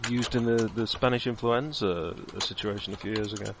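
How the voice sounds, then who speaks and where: A man's voice: on the low side, fairly even intonation, brisk, slight background noise. A man playing a tabletop game, speaking with dry, wry humour. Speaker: player. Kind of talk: casual tabletop game chat.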